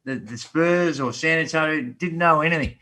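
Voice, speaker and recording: An Australian man in his fifties, a podcast guest telling a long story in a relaxed, animated way with local slang. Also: fairly high pitch, moderate pace. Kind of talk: casual storytelling.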